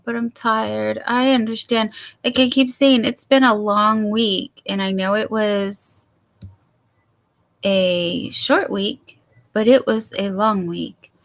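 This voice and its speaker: A rambling, chatty woman hosting a casual livestream from home. Her voice sits a bit high and she talks slowly, drifting from thought to thought as she greets viewers by name. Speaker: livestream host. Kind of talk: casual late-night livestream chat.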